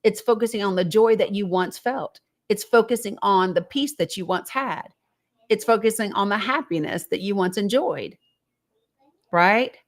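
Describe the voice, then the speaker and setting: A woman's voice: mid-range voice, moderate pace. A woman hosting a live call-in show, talking in a conversational, reflective way and asking her listeners rhetorical questions. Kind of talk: encouraging live-stream talk.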